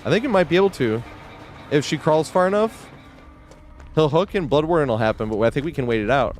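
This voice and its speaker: A man streaming a game live, ranting in exasperation with frequent swearing and yelling at the screen in bursts. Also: on the high side, lively intonation, fairly quick. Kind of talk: live gameplay commentary.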